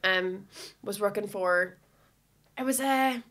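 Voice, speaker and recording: Young northern irish woman hosting a podcast, jokey and animated, casual chat. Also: mid-range voice, takes it slowly. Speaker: podcast host.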